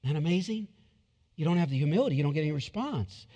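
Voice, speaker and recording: A man's voice: fairly high pitch, animated, fast talker, mellow. A man preaching a sermon as pastor, emphatic and repeating his points, acting out quotes from scripture. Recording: long hall reverb.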